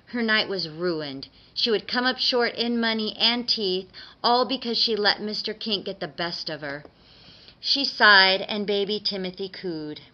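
Bright-voiced woman reading a dark tale. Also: mid-range voice. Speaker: storyteller. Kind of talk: dramatic story reading. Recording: dull lo-fi recording.

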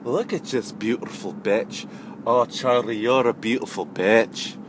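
Man putting on a tipsy European stranger, emphatic and slurry, brighter and slower than his own voice, noisy street behind. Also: medium pitch, lightly acted. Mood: gushing. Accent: put-on European. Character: drunk swaying European man, loud and cheerful.

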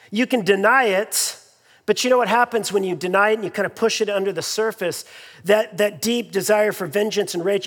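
High-voiced pastor preaching in reverberant hall. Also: male voice. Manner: conversational preaching with frequent fillers and repeated phrases. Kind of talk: sermon. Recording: long reverb in a large hall.

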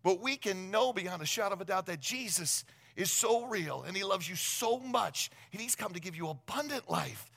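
Gravelly, animated male preacher. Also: sits high. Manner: animated storytelling, conversational with asides. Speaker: pastor. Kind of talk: sermon.

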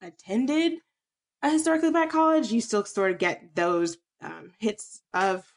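A woman's voice: medium pitch, measured pace. A young woman from Texas, co-hosting a laid-back podcast. She talks in loose, hedging phrases with many fillers. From Texas, USA. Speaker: podcast co-host. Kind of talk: casual chat.

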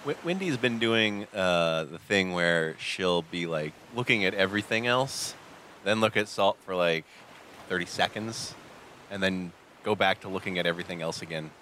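Deep, bright-toned man describing a scene. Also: a little hiss or hum. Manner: casual, halting. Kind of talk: tabletop role-play narration.

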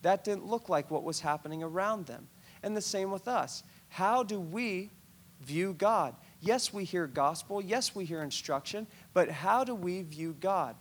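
A male pastor preaching a conversational sermon, retelling a scripture story in an animated, storytelling way. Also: high-pitched, measured pace, slight background noise.

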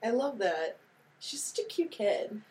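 Young woman, casual movie chat, quick laughs, playful quoting, mid-pitched voice. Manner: chatty, laughs often, animated quoting. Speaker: podcast co-host.

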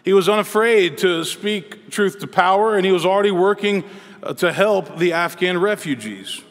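A man preaching a sermon as pastor, earnest and measured, with pauses between phrases. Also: high voice, lively intonation, a bit bright. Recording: long reverb in a large hall.

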